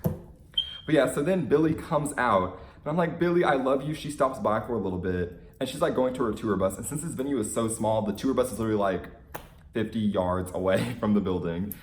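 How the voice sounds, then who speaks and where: A man's voice: lowish voice, fairly quick, a little hiss or hum. Gushing young man, echoey room. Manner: excitable, gushing fan chatter with frequent "like"s. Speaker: vlogger. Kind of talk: casual storytelling vlog.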